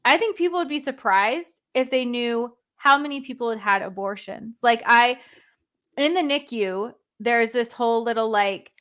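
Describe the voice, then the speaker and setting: Blunt young woman, higher voice. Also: fairly bright tone. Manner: blunt, talks fast in bursts with many "like" fillers. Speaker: nurse guest. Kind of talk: casual podcast chat.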